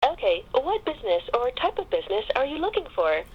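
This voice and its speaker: A woman's voice: sits high, wildly swooping pitch, brisk, crowd noise. A woman's automated phone directory voice, giving polite scripted prompts. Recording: muffled phone line.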